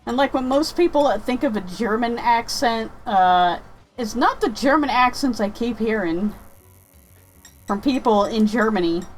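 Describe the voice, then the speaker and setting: A woman chatting casually while playing a game, rambling and thinking out loud with many restarts. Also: a little high, expressive, a little slow, soft background music, rough recording. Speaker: gaming streamer chatting with viewers. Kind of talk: casual chat over gameplay.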